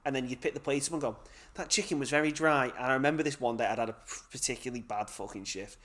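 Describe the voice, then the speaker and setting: A man's voice: medium pitch, rapid-fire. A young man co-hosting a podcast, telling stories in casual, sweary chat and acting out what people said. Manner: swearing, animated storytelling with acted-out quotes. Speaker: podcast co-host.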